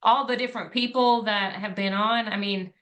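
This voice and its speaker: A woman's voice: mid-range voice, fairly even intonation, normal speed, fairly bright tone. Chatty woman hosting a podcast. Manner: earnest, chatty, fills with "like" and "you know". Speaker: podcast host. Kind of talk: casual conversation.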